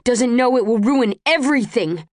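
A woman's voice: mid-range voice, moderate pace, dry recording, studio quality, natural voice. A woman voicing an anxious young man, a torn brother who talks in an earnest, pleading way.

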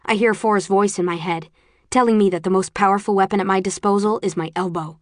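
A woman reading a first-person audiobook in a low-key, measured way, sometimes dropping to near whispers. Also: fairly even intonation, dry recording, clean studio sound. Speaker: audiobook narrator.

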